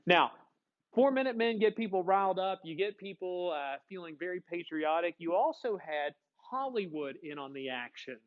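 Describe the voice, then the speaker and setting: A man's voice: sits high, highs cut off. A man teaching a history class, chatty and joking, often asking his students questions. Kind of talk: classroom lecture.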